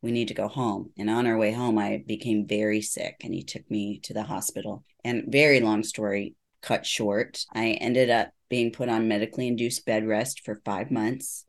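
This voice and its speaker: Speaking at a normal speed with hardly any pauses, this middle-aged neuropsychologist has a very deep voice and fairly even intonation. As an interview guest, she earnestly tells her own story and performs the dialogue she quotes.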